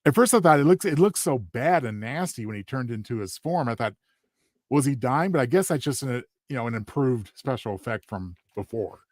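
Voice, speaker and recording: A man co-hosting a casual review podcast, explaining his points in a relaxed way. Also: medium pitch, brisk, dry recording, clean studio sound. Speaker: podcast co-host.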